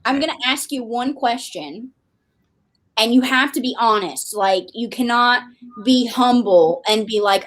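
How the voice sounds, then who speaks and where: A woman's voice: on the high side, a little slow. A woman with a Southern US accent, a romance author chatting animatedly on a podcast. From American South. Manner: animated, chatty, laughs often. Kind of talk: casual chat.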